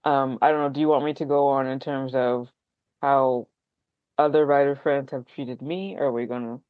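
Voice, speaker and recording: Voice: medium pitch, fairly even intonation, moderate pace, clean tone, dry recording, narrow, tinny audio. A writer chatting on a podcast, rambling and self-deprecating, full of likes and ums. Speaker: podcast guest, fellow writer. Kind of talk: casual podcast conversation.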